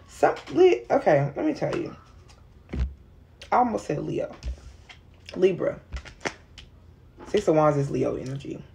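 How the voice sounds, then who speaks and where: A woman's voice: on the low side, creaky, a little mellow. A woman giving a casual tarot reading, chatty and rambling, talking straight to her viewers in an informal, slangy way. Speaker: tarot reader.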